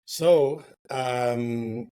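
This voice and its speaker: A middle-aged man tells a work story in an easy, rambling way, leaning on fillers and a habitual "right?", with the odd curse word. His voice sits at an ordinary middle pitch. The recording is dry and close, with no room sound around him. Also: very slow, warm tone, clean tone, no echo. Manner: rambling, filler-heavy, swears, ends with "right?". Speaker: real estate agent guest. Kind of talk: casual storytelling interview.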